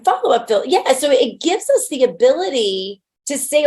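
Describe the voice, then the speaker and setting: Blunt, conversational woman with a higher voice. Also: very animated, moderate pace, few pauses, mellow. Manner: conversational, blunt, with homely examples. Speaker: real estate agent. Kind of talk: casual webinar talk.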